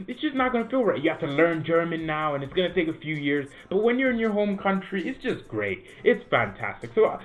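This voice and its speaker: A man hosting a football fan channel, rambling in casual commentary and often tagging his points with "right?". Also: on the high side. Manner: animated, rambling, keeps asking "right?". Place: home room. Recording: tinny phone-like sound.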